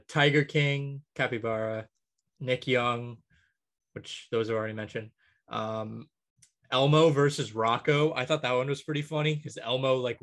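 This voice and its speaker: A man's voice: medium pitch, fairly bright tone. A man co-hosting a podcast, casually rambling through a list with frequent ums and light chuckles. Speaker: podcast co-host. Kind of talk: casual chat.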